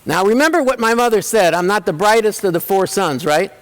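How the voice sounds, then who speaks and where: A man with a fairly high, lively voice tells funny stories from his own life as a keynote speaker. He swings his pitch widely and slips into voices for his family members. His voice rings with the long reverb of a large hall. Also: fairly quick. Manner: animated, acts out family members in quoted voices. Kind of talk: humorous personal storytelling.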